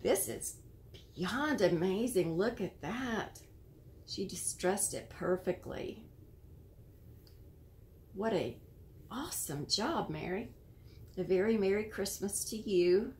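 An American woman hosting a casual show-and-tell of handmade cards, admiring and gentle, sometimes searching for words. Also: mid-range voice, expressive, slow pace, pauses often, a little hiss or hum. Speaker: card-making channel host.

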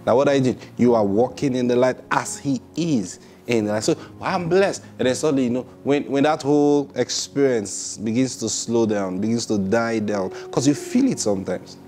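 A male pastor with a dark, mid-range voice preaches at a moderate pace with few pauses, hammering points home through emphatic rhetorical questions and acting out prayers and replies in quoted voices.

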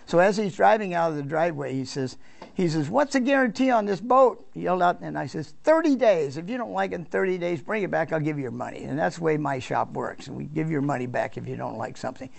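A man's voice: on the high side, fast, vocal fry, a little mellow. An older man, a business founder, telling a folksy anecdote to a student audience and acting out the voices of people he quotes. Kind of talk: storytelling talk to students.

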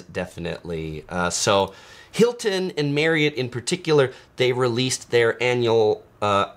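Guy doing a casual travel livestream, regular mid pitch, lots of uhs, laid back and chatty. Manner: chatty and relaxed, with frequent "uh" fillers. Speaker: travel channel host. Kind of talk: casual livestream chat reading viewer comments.

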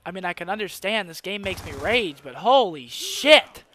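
A young man giving casual commentary over his own gameplay, excitable, swearing a lot and laughing between rants. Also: high voice, normal speed, a little hiss or hum. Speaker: gaming YouTuber.

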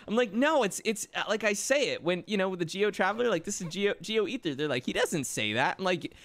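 A chatty man telling anecdotes on a game stream, his pitch swinging widely as he animates every story. He laughs easily and talks casually to his audience. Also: lively intonation, brisk, few pauses, a bit bright, dry recording. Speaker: streamer and voice actor.

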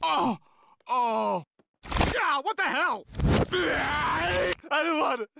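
A man's voice: extremely high pitch, animated, very slow, vocal fry, very noisy, full character voice. An actor voicing a precocious, scheming infant boy in a cartoon, with prim, theatrical diction and overdramatic outbursts. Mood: disgusted. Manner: shrieks in disgust, overdramatic. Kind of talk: cartoon voice acting.

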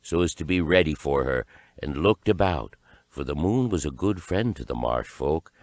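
Male storyteller, very deep voice, slow deliberate read-aloud, dry mic. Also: animated, darkish tone, dry recording. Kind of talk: fairy tale read-aloud narration.

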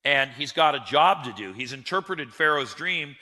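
A man delivers a sermon in a bright, forceful voice, telling the story with animation and acting out the lines of the people in it. His voice rings with the long reverb of a large hall. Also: on the high side, normal speed. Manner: animated storyteller who acts out quotes. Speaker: preacher.

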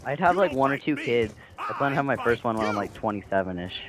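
A man's voice: mid-range voice, expressive, fast, a crowd in the background. A teenage boy in a casual gaming voice chat, laid-back with joking asides. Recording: noisy voice-call audio.

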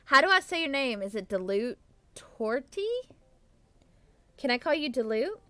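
A woman's voice: high voice, big pitch swings, unhurried, a bit bright, no echo. A young adult woman chatting casually with viewers on a live stream, bubbly and giggly, thanking them effusively. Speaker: livestreamer.

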